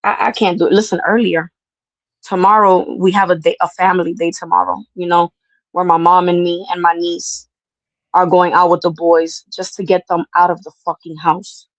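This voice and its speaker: A woman's voice: lowish voice, little pitch movement, moderate pace, no room sound, poor audio. Brash, profane woman telling a story. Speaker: podcast host. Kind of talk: casual storytelling chat.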